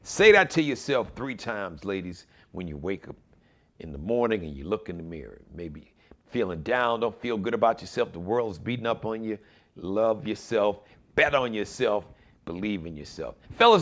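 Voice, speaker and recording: A man hosting his own live online talk show, chatting casually and joking with viewers. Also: on the low side. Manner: animated, joking, addressing viewers directly. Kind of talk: casual live-stream chat.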